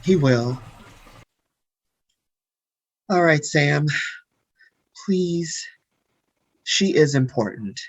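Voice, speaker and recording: Earnest, pleading role-play player, middle pitch, dry close sound, tabletop game. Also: expressive, slow pace, no echo.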